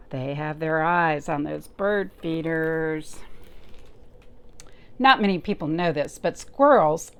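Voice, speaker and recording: A woman librarian reading a picture book aloud to children, pausing often to point things out and ask them questions. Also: lowish voice. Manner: slow, expressive, pausing to talk to young listeners.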